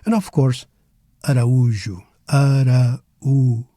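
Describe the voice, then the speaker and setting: A middle-aged man teaching a pronunciation lesson, slowly modeling words syllable by syllable. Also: mid-range voice, warm tone, slightly rough, dry recording, studio quality. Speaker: language teacher. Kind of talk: slow, careful pronunciation lesson.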